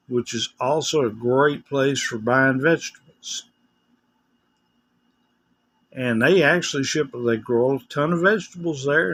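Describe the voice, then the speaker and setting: An older man from West Tennessee, USA, with the local accent, chats casually in a rambling, folksy vlog. His voice is medium-pitched and a bit bright.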